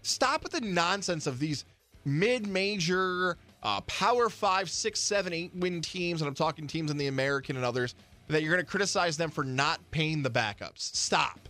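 Animated ranting sports radio man. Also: on the high side, moderate pace. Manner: animated, ranting, acts out quotes.

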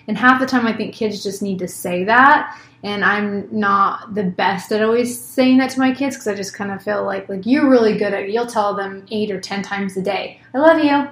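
A mother in her thirties co-hosts a podcast, talking casually and openly at a moderate pace while swearing freely and acting out her own words. Her medium-pitched voice is fairly bright, and the recording is reverberant.

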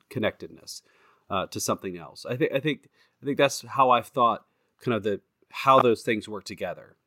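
A man co-hosting a faith podcast, speaking reflectively and haltingly about his personal experiences. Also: medium pitch, a bit bright, dry recording, studio quality. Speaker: podcast co-host.

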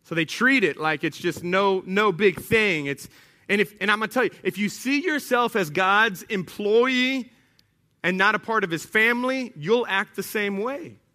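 Male pastor in his thirties, high and bright voice, animated preaching with bursts of shouting. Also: moderate pace. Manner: animated preaching, rising to shouts, with acted asides. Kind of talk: sermon. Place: church sanctuary.

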